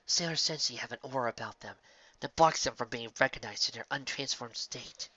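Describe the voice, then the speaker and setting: A man voicing a composed woman guardian in a story reading, explaining in a level, measured way. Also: medium pitch, pushed and bright, no echo. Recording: dull lo-fi recording.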